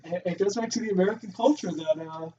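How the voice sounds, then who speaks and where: Fast-talking man recapping a movie. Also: high-pitched, dark tone. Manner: quick, chatty recapping of scenes. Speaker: podcast co-host. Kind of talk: casual movie discussion. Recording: distant, dull lo-fi recording with faint noise.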